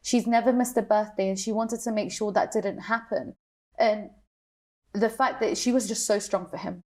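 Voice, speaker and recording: A woman's voice: medium pitch, steady tone, darkish tone. Young woman telling a sad personal story, stops and restarts a lot, talk show panel. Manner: emotional, halting, repeats herself. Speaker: panel guest.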